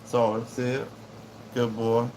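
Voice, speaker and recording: A laid-back man with a drawl, rambling through a casual livestream chat from home. His voice sits at an ordinary middle pitch and wanders easily between talking to viewers and fussing over his dog. A faint air-conditioner hum runs underneath. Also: level tone, slow, a little mellow. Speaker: livestream host.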